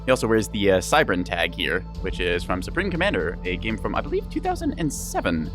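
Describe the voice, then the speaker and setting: A man's voice: lowish voice, wildly swooping pitch, a little fast, over music. A young adult man giving casual live-stream commentary on a game, chatty and rambling, with frequent laughs and teasing asides.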